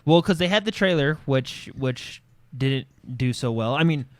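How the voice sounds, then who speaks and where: Halting casual man podcaster. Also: medium pitch, expressive, no room sound. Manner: halting, many fillers and restarts. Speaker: podcast co-host. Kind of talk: casual gaming podcast chat.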